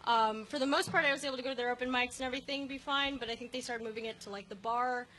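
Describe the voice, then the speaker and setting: Bright young woman doing stand-up, lots of ums, slight club hiss. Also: a little high, fairly even intonation, rough recording. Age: 20s. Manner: halting, filler-heavy, giggly delivery. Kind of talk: stand-up set and interview. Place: comedy club stage. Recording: faint room noise in a comedy club.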